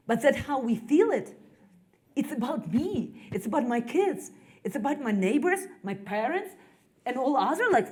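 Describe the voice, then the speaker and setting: A woman from Ukraine, in her thirties, speaks English with a Ukrainian accent. She gives a personal account to an audience, pausing often and leaning on "like" as she searches for words. Her delivery is earnest and conversational. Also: on the high side, darkish tone. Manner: halting non-native English, frequent "like" fillers, earnest. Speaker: executive director speaking to an audience. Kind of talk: personal testimony, conversational speech.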